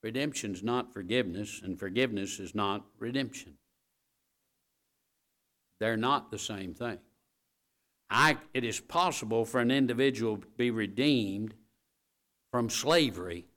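A man preaching a sermon, addressing the congregation directly, repeating key phrases and building to loud, emphatic peaks. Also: fairly low pitch. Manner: talks straight to the congregation with asides like "all right?".

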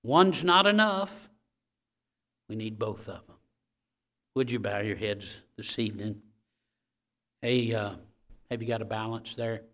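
A preacher delivering a sermon, rising to loud emphatic points and checking in with "all right?" before easing into a quiet closing prayer. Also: male voice, lowish voice, a little slow, pauses often.

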